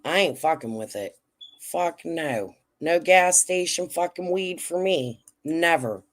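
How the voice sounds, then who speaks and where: A woman with a fairly low voice hosts a casual livestream. She talks bluntly and swears often as she answers her chat. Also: animated, slow. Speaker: livestream host.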